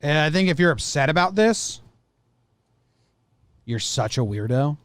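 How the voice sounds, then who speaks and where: A man's voice: fairly high pitch, expressive, measured pace, a bit bright, smooth, no echo. Blunt, joking male podcast co-host. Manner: blunt, joking, acts out little scenes. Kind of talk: casual chat.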